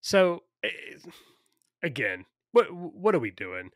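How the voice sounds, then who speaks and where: A man's voice: on the high side, sing-song, slow pace, dry recording, clean studio sound. A man co-hosting a podcast in casual, opinionated chat, ranting with lots of fillers and profanity. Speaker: podcast co-host.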